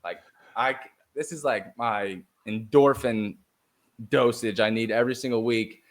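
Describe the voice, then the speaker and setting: A man's voice: mid-range voice, a little slow. A young man on a podcast as a guest, chatting energetically, laughing often and swearing casually. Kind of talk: casual chat.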